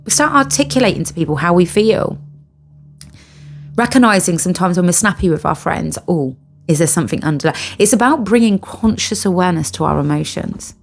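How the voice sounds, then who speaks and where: A woman's voice: on the low side, lively intonation, brisk, creaky. A middle-aged British woman talking earnestly to camera about spiritual healing, stressing and repeating her key phrases. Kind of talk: casual monologue to camera.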